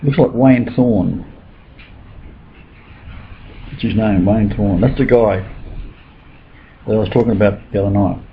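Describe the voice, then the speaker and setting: Man with a gravelly voice, rambling and insistent; dull lo-fi recording. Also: lowish voice, a little slow, pauses often. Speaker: speaker with religious claims. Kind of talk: casual conversation. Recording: dull lo-fi recording with faint noise.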